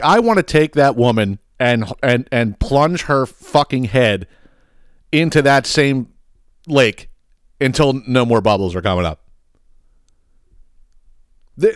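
A man's voice: mid-range voice, no room sound, clean studio sound. A man hosting a podcast, ranting heatedly with plenty of profanity. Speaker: podcast host.

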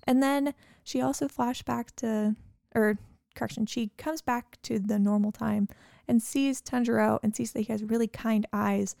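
Gravelly-voiced woman with dry close sound. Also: on the high side, fairly even intonation, normal speed, warm tone, no echo. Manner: earnest, adds commentary and brief agreeing backchannels. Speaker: podcast co-host. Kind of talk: casual episode recap chat.

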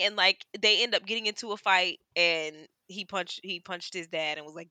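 A woman co-hosting a casual podcast, recapping a TV drama with lively, animated storytelling and acting out the characters' lines. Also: on the low side, normal speed, few pauses, dry recording. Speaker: podcast co-host. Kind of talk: casual chat recapping a TV show.

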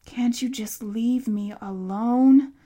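A woman voicing an angry, sarcastic teenage boy in an audiobook, shouting and mocking bitterly. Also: fairly high pitch, slow pace. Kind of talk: audiobook character reading.

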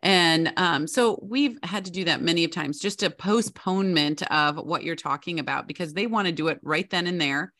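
Low-voiced woman giving parenting advice. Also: moderate pace, hardly any pauses, a bit bright. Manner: confident, instructive, often adds "right?". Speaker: parenting guest expert. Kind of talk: podcast interview advice.

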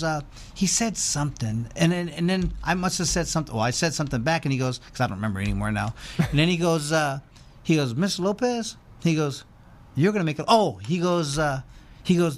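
A former boxer telling a long rambling story as an interview guest, acting out the voices of the people he quotes. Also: on the high side.

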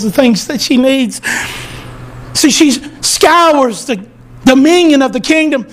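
A male pastor delivers a church sermon in a very high voice, with a slow and deliberate pace. He moves from storytelling into impassioned, shouted proclamation. His talk stays colloquial and direct. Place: church service.

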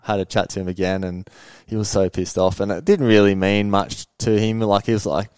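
A young man talks casually as a guest, rambling through his race stories with the odd laugh. His voice is low and smooth, and it sits dry and close with no room around it. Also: little pitch movement, fairly quick, a little mellow, no echo. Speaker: guest motocross racer. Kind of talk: casual interview storytelling.

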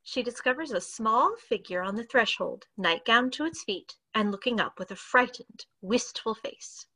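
A woman reading stage directions in a plain, even narration. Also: on the high side, moderate pace, husky. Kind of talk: scripted narration.

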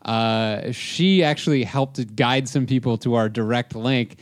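A man's voice: medium pitch, measured pace. A man co-hosting a podcast in casual chat, rambling with many fillers and frequent laughs. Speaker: podcast co-host.

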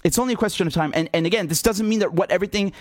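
A man's voice: sits high, very fast, dry recording, studio quality. A man giving a blunt, mocking political monologue, laughing often and swearing. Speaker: political commentator. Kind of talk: casual opinion monologue.

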